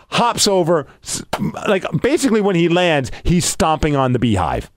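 A man co-hosting a casual podcast, telling a story with excitable, animated energy. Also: a little high, normal speed, no echo, studio quality. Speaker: podcast co-host. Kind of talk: casual chat.

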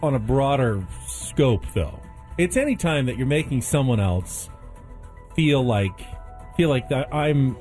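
A man's voice: medium pitch, expressive, a little slow, a little mellow, soft background music. A male radio co-host in casual banter, wisecracking and asking questions.

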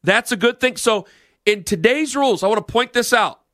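A man's voice: very high voice, lively intonation, normal speed, a bit bright, no room sound, studio quality. A man hosting a sports talk radio show, ranting bluntly and sarcastically about the game.

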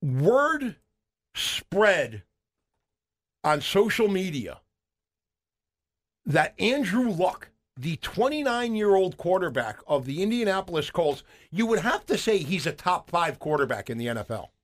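A man co-hosting a radio show, telling stories in an animated way, with fillers and restarts. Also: sits high, measured pace. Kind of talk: casual radio chat.

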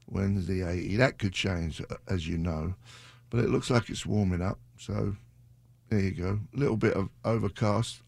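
A man's voice: lowish voice, vocal fry, darkish tone, dry recording. A British man hosting a radio show, chatting casually in a rambling, self-deprecating way into a studio mic. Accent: British English. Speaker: radio DJ host.

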